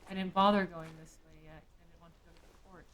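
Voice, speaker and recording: A woman's voice: lowish voice, fairly even intonation, fast talker, a bit bright, rough recording. A woman streamer thinking aloud during live game commentary, with musing, jokey asides.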